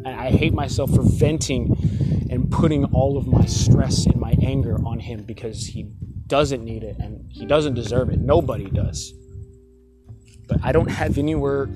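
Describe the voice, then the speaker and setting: Young man, confessional vlog, heated and rambling, average pitch, loud guitar bed. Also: normal speed. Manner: rambling, frequent restarts, swearing, heated. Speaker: store worker venting. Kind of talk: personal confessional monologue. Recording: loud guitar music behind the voice.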